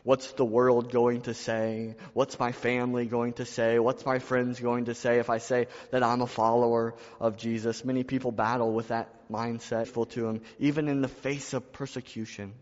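A man's voice: medium pitch, flat delivery, normal speed. A male pastor preaching a sermon, repeating phrases and building in intensity. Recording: dull lo-fi sound in a reverberant hall.

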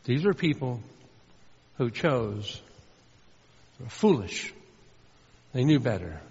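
A man preaching a sermon with earnest emphasis, swinging between loud stressed lines and soft low asides. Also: animated, slow, vocal fry, long pauses, slightly rough. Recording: muffled sound with long hall reverb.

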